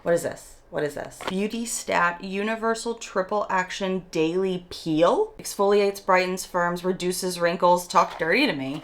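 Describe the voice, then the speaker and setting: Gravelly-voiced woman beauty vlogger. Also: mid-range voice, slight background noise. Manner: chatty, excitable, reads labels aloud. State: morning voice. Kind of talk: casual unboxing chat.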